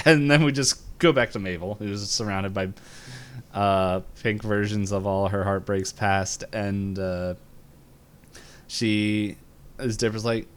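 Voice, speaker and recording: A man co-hosting a podcast, casually retelling a cartoon episode, laughing often and jumping up in pitch to act out lines. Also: fairly even intonation, a little slow, clear, resonant tone. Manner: laughs while retelling scenes, voices lines with jumps in pitch. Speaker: podcast co-host.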